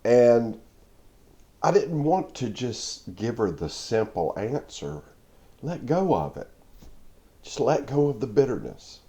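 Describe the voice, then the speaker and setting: A man's voice: mid-range voice, sing-song, slow, pauses often, mellow. A man giving a devotional talk, telling a parable with emphatic repeats and laughs. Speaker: Christian video preacher.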